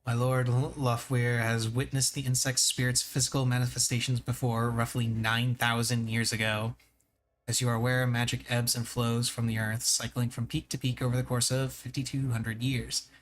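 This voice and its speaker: A man voicing a slow, formal, learned male envoy in a video game, speaking in a lecturing tone. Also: medium pitch, flat delivery, a little hiss or hum, natural voice.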